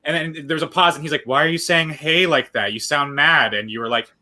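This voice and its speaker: Bright-voiced man hosting a podcast. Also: fairly high pitch, brisk. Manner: enthusiastic, leads the questions. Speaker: podcast host. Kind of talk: casual podcast chat.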